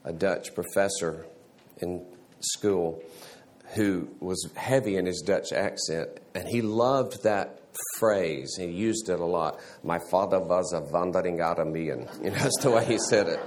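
A man teaching a church Sunday school class in a halting way, restarting words and often clearing his throat. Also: sits low, slight background noise.

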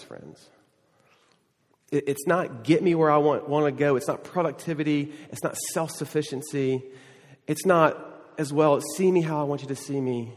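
A man's voice: on the high side, measured pace, long pauses. Pastor guy telling a rambling story in his sermon, lots of restarts, church echo behind him. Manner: storytelling, rambling with restarts and self-deprecating asides. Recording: long hall reverb.

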